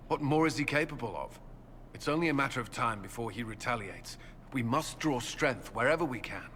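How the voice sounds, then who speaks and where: An actor playing an earnest, devout male army commander in a video game, soft-spoken and at times hushed. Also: fairly low pitch, slight background noise.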